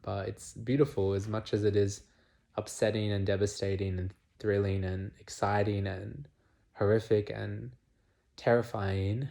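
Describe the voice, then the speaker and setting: A young man vlogging a candid confessional monologue, swearing freely and swinging between murmurs and loud outbursts. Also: on the low side, little pitch movement, a little slow, vocal fry.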